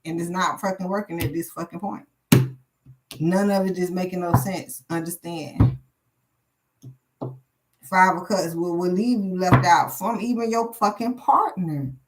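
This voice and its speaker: A woman's voice: fairly low pitch, fairly even intonation, a little slow, long pauses, faint music behind, low-quality recording. A woman giving a live tarot reading in a blunt, profane, preachy way. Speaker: tarot reader.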